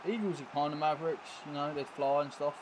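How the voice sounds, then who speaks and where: A man's voice: on the high side, steady tone, fairly quick, background noise. A man chatting casually while live-streaming a football video game, rambling and full of tag questions.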